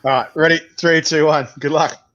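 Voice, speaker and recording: An excitable Australian man hosting a relaxed chat, with a slightly high voice that he pushes through lots of swearing and quick reactions. The audio is dull and a bit lo-fi. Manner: chatty, excitable, swears freely. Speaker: host. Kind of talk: casual chat.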